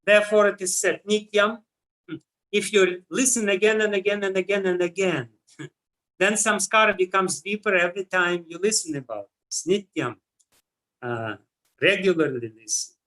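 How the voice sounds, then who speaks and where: A man with a heavy Russian accent gives a scripture lecture, his voice bright and slightly high for a man. He speaks in a measured way, pausing often with "uh" as he works through each point. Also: poor audio. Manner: measured, with frequent "uh" pauses. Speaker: spiritual teacher.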